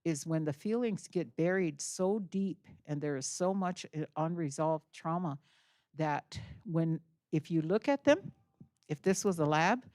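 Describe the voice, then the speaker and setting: Older lady telling a story to an auditorium, lowish voice, earnest, acts out the lines. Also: warm tone, no room sound, clean studio sound. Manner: earnest, vivid storyteller acting out dialogue. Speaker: guest speaker. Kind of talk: storytelling talk to an audience. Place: college auditorium.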